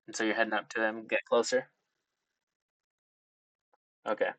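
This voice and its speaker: Low-voiced man hesitantly running a game. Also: flat delivery, normal speed, long pauses, fairly bright tone, no room sound. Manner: hesitant, lots of ums and restarts. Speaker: game master. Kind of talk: narrating a tabletop game.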